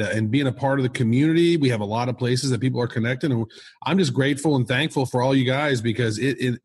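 A man's voice: mid-range voice, slightly rough. A man with a mid-range voice co-hosts a casual podcast. He sounds friendly and upbeat. He speaks straight to the audience. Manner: friendly, upbeat, direct to listeners. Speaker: podcast co-host.

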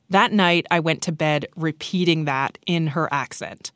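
A woman narrates a radio documentary from a script, clear and measured. Her voice is fairly low and recorded close and dry. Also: no echo.

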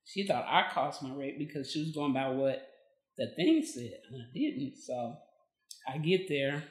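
A woman's voice: rumbling low, measured pace, reverberant. A woman, a podcast guest telling her story in casual conversation, acting out what people said. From Texas. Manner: lively, acts out quoted dialogue.

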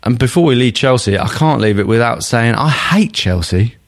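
A man's voice: medium pitch, expressive, normal speed. A man co-hosting a casual football podcast, joking and swearing as he talks. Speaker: podcast co-host.

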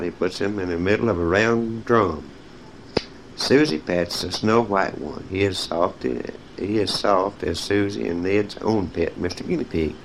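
A deep-voiced man reads children's picture-book stories aloud as a storyteller, speaking directly to young listeners and telling them when to turn the page. The audio is poor, with a little hiss or hum.

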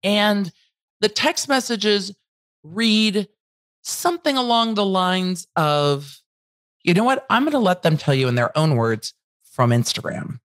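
A woman hosting a casual, candid trial recap, blunt enough to swear and acting out quotes with lively emphasis. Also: mid-range voice, unhurried, dry recording. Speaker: legal commentary host.

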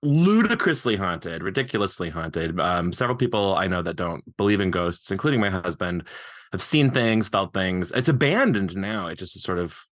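Low-voiced man laughing through stories. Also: moderate pace, no echo, studio quality. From eastern Montana, US. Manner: laughs often, lively storytelling. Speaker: guest author. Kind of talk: casual podcast chat.

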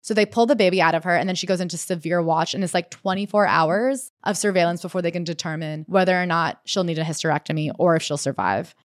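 A woman on a casual podcast, recapping a memoir at a brisk clip. Her voice sits a little low and sounds dry and close, with no room around it. She tells the story with lively, animated flair. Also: dry recording. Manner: animated storytelling, reads quoted passages aloud. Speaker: podcast co-host.

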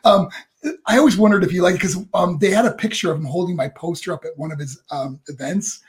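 An older man, a former wrestler, telling stories in a relaxed chat, animated and laughing as he acts out other people's voices. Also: high voice, fast talker. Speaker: guest, former pro wrestler. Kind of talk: casual storytelling.

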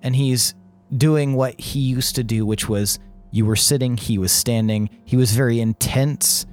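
Male GM, mid voice, relaxed storyteller who laughs easily. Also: mid-range voice, unhurried, faint music behind. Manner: relaxed, laughs often, descriptive. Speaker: game master. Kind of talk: narrating a tabletop game.

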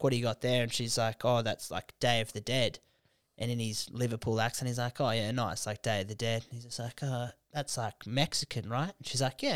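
A man's voice: medium pitch, no room sound, clean studio sound. A young man hosting a podcast, telling stories animatedly with lots of swearing and laughter. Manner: animated storyteller, swears freely, quick laughs. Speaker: podcast host. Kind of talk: casual chat.

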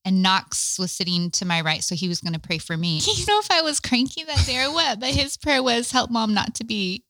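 A woman's voice: on the high side, brisk, no room sound. A woman co-hosting a podcast with her husband, speaking reflectively and offering short affirmations. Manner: reflective, soft-spoken, brief affirmations. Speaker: podcast co-host. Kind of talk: casual couple's podcast chat.

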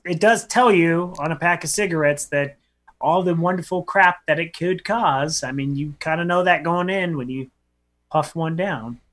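A man's voice: high voice, a bit bright. A man co-hosting a radio show, joking around in laid-back banter. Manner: jokey, laid-back, quotes movie lines. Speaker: radio co-host.

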